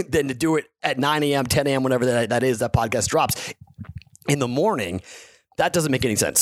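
A frustrated man hosting a sports betting podcast talks in a frank, heated, rambling way. His voice sits at an ordinary middle pitch and sounds close and dry, with no room around it. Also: no room sound. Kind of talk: casual solo podcast talk.

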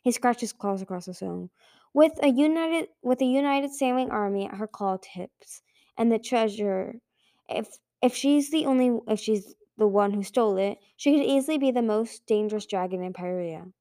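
Woman narrator, mellow and warm, earnest amateur audiobook reading. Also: fairly high pitch, lively intonation, normal speed. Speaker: audiobook reader.

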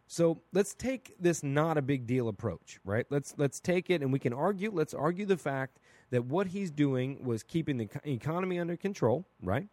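A man hosting a solo podcast, talking through his opinions in a casual, blunt and animated way, asking "right?" again and again. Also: fairly high pitch, no room sound. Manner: casual and blunt, with mild swearing. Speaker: podcast host.

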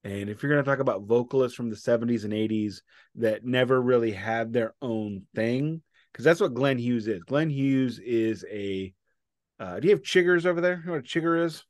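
A man's voice: medium pitch, moderate pace, a little mellow, no echo, studio quality. A man co-hosting a casual album-review podcast, opinionated and prone to digressions. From United States. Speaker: podcast co-host. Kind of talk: casual music review chat.

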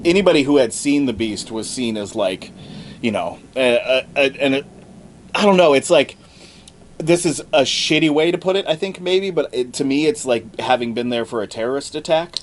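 A man's voice: medium pitch, moderate pace, slight background noise. A young man co-hosting a casual history podcast, joking and swearing in his asides. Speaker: podcast co-host. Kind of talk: casual comedic history chat.

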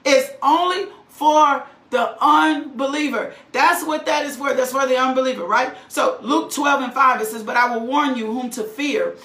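A woman's voice: sits high, normal speed, hardly any pauses, bright, forceful tone, reverberant. A middle-aged woman preaching a sermon with fervor, often repeating lines for emphasis and checking in with "right?".

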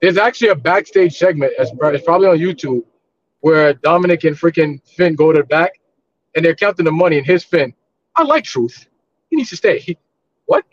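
A man's voice: a little high, a little fast. A man co-hosting a podcast, chatting casually and swapping stories. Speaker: podcast co-host. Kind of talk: casual wrestling chat. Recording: dull lo-fi mic with faint hiss.

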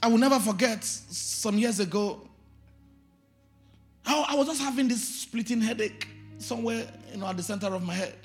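A man, a pastor, preaching a sermon with shouted lines and sing-song call-and-response. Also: sits high, moderate pace, faint music behind.

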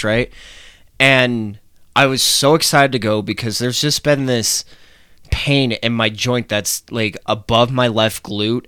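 A man's voice: medium pitch, pushed and bright, clear, resonant tone, no echo, clean studio sound. A young man hosting his own podcast, talking casually in a rambling, chatty way and swearing offhandedly. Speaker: podcast host. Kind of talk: casual solo podcast talk.

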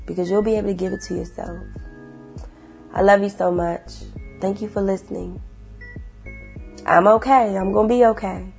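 A young woman talking earnestly to her viewers about faith and getting through hard times, repeating herself and swinging from hushed to loud. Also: mid-range voice, gravelly. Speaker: vlogger. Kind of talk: emotional faith-filled vlog monologue.

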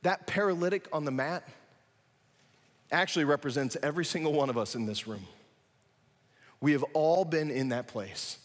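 A man preaching a sermon, animated, acting out scenes with sudden loud excited bursts. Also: fairly high pitch, moderate pace, long pauses, big-room sound. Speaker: pastor.

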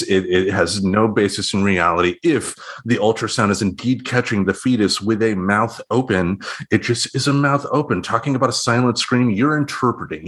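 A man co-hosting a casual podcast, his voice a little low. He talks in halting bursts, restarting often and leaning on "you know." He is a parent discussing things plainly. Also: fairly bright tone, slightly rough. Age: young adult or middle-aged, a parent. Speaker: podcast co-host.

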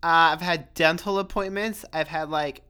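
A woman's voice: low voice, fairly even intonation, moderate pace, bright, forceful tone, clear, resonant tone. A young woman talking casually on her solo podcast, rambling and swearing freely, full of "like" and restarts. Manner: chatty, swears freely, self-interrupting with lots of "like". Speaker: podcast host.

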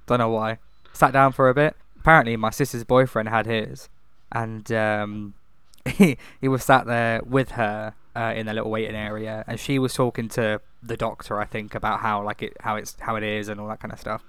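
A young man in casual chat, laughing and swearing through relaxed banter. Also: fairly low pitch, moderate pace, clean tone, no echo.

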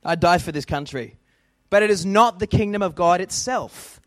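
Australian male pastor, emphatic sermon delivery, higher-pitched voice, dry close sound. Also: normal speed, no echo. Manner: emphatic, building lists for effect.

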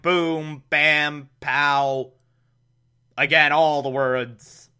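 A man's voice: a little high, sharp tone, smooth. A man hosting a podcast, recapping an episode in a casual, chatty way, laughing often and adding mocking asides. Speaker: podcast host.

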